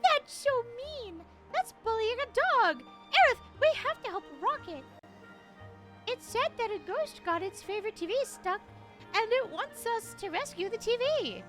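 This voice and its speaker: A woman voicing a cheerful, pleading young companion in a video game, sweet and animated. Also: extremely high pitch, a little slow, heavily acted. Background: game music.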